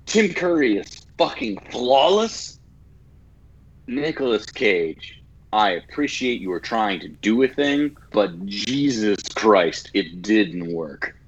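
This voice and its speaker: Easygoing wry guy, low voice but real bouncy, muffled audio. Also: lively intonation, takes it slowly. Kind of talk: casual movie-review chat.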